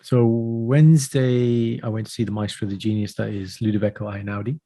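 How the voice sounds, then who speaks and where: A man's voice: lowish voice, level tone, brisk, warm tone. A man, co-hosting a podcast in casual chat and telling stories with enthusiasm. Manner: chatty, enthusiastic storyteller, says "man" a lot. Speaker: podcast co-host.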